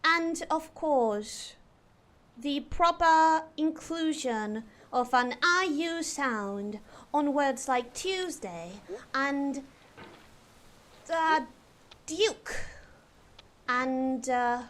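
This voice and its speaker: A woman streamer putting on a posh British accent during a live game stream, playing a prim, proper English lady who speaks slowly and sounds out every letter and long vowel. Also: high voice, expressive, a bit bright, exaggerated voice. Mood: earnest. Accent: put-on posh British (received pronunciation). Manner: slow, deliberate over-enunciation of every letter and long vowels.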